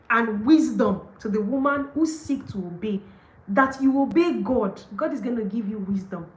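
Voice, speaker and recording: A woman, on the higher side in pitch, hosts a devotional book study. She reads a passage and then gushes over it, with plenty of laughs and fillers like "like" and "okay". Her voice rings in an echoey room. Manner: gushing and excited, often laughs, leans on "like" and "okay". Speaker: host of a book study session. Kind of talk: livestreamed devotional book reading and commentary.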